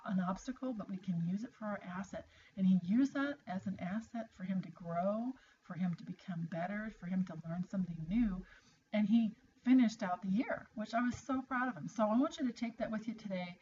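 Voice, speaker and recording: A woman's voice: medium pitch, darkish tone. A middle-aged woman talking straight to her viewers in a chatty, encouraging motivational vlog, restarting sentences as she goes. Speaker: vlogger. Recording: slightly dull lo-fi audio with faint noise.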